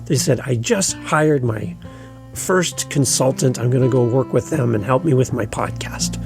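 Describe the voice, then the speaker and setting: A man's voice: mid-range voice, normal speed, gravelly, music in the background. A man hosting his own solo podcast, talking in an earnest, reassuring and conversational way. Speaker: podcast host.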